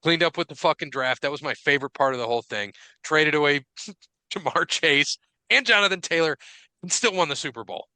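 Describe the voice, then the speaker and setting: A man chatting on a sports podcast, his voice very bright and clear. He tells stories with a lot of swearing and acts out what everyone said. The sound is dry and close. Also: a little high, a little fast, no echo. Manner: profane, animated storytelling with quoted dialogue. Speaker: podcast co-host. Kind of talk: casual chat.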